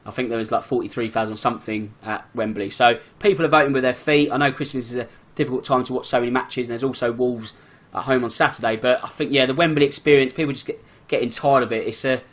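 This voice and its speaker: This is a football fan appearing as a podcast guest, a man with a middle-range voice. He speaks briskly in an easygoing conversation, his words tumbling out with lots of filler and frequent false starts.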